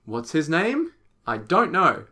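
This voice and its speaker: An excitable man with an Australian accent, co-hosting a casual podcast chat, swearing often and slipping into joke voices. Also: a little high, slow. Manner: excitable, swears a lot, jokey put-on voices. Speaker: podcast co-host.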